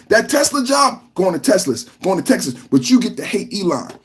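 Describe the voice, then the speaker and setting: A podcast host from California, giving live reaction commentary in an emphatic, repetitive rant. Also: male voice, high-pitched, very animated, fairly quick.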